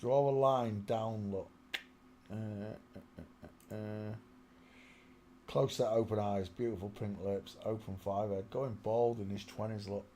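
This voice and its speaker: Fairly low and steady, his warm voice moves a little slowly with frequent pauses, and there's a touch of hiss or hum. He's a channel host looking through photos, chatting casually, muttering and half-singing in between, close to a small desk microphone.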